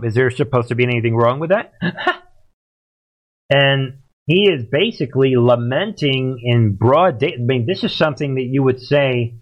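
A man's voice: medium pitch, highs cut off. A man hosts a political livestream in a loose, rambling way. He leans hard on his points and keeps breaking off to talk to his chat. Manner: rambling, emphatic, talks to chat. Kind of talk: casual livestream commentary.

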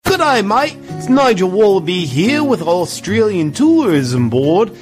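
A high, bouncy voice of a chirpy Australian tourism pitchman, as a man puts him on, all salesman patter in a broad put-on twang. The pitch leaps around, and faint music runs underneath. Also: sing-song, unhurried. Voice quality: exaggerated put-on Aussie twang.

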